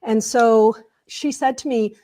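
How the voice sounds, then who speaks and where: A woman's voice: a little high, fairly even intonation, slow, warm tone. A woman guest in an interview, retelling a conversation step by step. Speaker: guest, culture change consultant. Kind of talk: storytelling in an interview.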